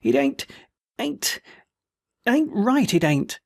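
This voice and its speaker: A man's voice: fairly high pitch, animated, moderate pace, gravelly, darkish tone, no echo, clean studio sound. A man voicing a wounded, tattered male soldier who rambles in a folksy, slurred, way. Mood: slurred pleading. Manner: folksy, pleading, words slurred.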